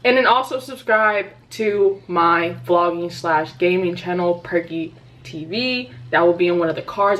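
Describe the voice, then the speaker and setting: A woman's voice: on the low side, a little slow, fairly bright tone, slight background noise. A woman in her twenties hosting a reaction vlog, chatting casually and playfully to her viewers with plenty of informal slang. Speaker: YouTube reaction host. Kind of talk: casual outro chat to viewers. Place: indoors at home, sunlit room.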